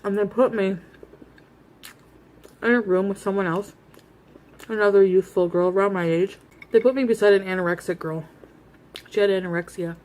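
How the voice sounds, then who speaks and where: A woman's voice: mid-range voice, steady tone, moderate pace, pauses often, a little mellow. A woman vlogger in her thirties, bluntly telling a rambling story about herself, laughing at herself while she eats. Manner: eating while talking. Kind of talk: casual storytelling.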